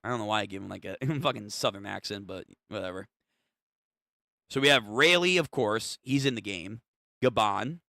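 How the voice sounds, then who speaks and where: Young guy streaming a manga reaction, swears a lot, bright voice, dry mic. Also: fairly low pitch, normal speed, vocal fry, dry recording. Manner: casual and profane, reacting out loud.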